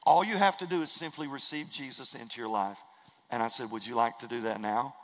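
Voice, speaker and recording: A man's voice: medium pitch, a little fast, big-room sound, poor audio. A man preaching a sermon in a church, earnest and emphatic, repeating key phrases for weight. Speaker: pastor. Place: church sanctuary.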